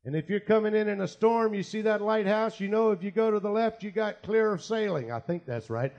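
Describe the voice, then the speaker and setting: Man preaching, high voice, storytelling sermon, quiet asides and loud bursts. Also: a little fast, muffled recording. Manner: storytelling, voices quoted people, swings from quiet asides to loud shouted prayer. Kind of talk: sermon with acted anecdotes.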